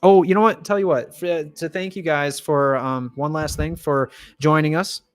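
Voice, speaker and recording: A man's voice: on the high side, steady tone, moderate pace, smooth, no echo. A man hosting a casual livestream Q&A, chatty, laughing often and reading viewer comments aloud. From United States. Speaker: livestream host, band member.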